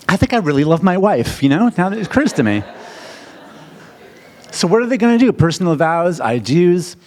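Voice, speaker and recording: Presenting to a live seminar audience, a middle-aged American wedding officiant speaks at a moderate pace and pauses often. He is animated and theatrical, and his questions to the room swing sharply up in pitch and volume.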